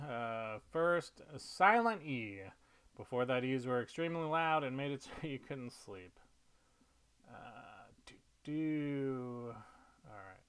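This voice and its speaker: Slow, clear-voiced man muttering jokes. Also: medium pitch. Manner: slow, halting, muttering to himself with fillers; playful, slipping into silly voices for jokes. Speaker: comedy writer. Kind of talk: thinking aloud while writing.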